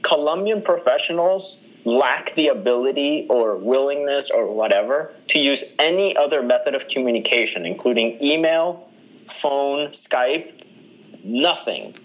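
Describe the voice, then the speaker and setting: A man's voice: mid-range voice, lively intonation, a little slow, rough recording. Chatty man rambling with amused asides. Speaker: podcast co-host. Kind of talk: casual chat.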